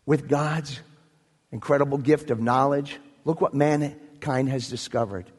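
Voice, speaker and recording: Husky preacher in an echoey hall. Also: male voice, mid-range voice, unhurried. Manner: earnest, storytelling, building to emphasis. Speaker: pastor. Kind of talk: sermon.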